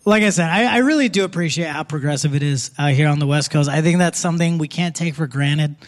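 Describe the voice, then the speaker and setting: A man's voice: a little high, quick pace. A young man with an Indian accent doing a live stand-up set on a theater stage, punchy and conversational, with asides to the crowd. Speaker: stand-up comedian. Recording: live theater audience audible.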